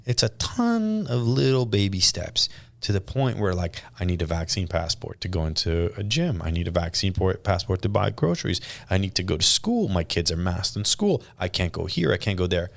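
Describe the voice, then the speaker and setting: Low-voiced man telling a heated story. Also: moderate pace, gravelly. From Canada. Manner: animated storytelling, acts out quotes. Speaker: podcast guest. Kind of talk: casual chat.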